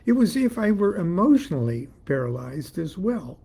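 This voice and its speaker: A man's voice: high voice, sing-song, moderate pace, gravelly, mellow, slightly rough. An author reading his own story aloud, in a dry, wry storytelling manner.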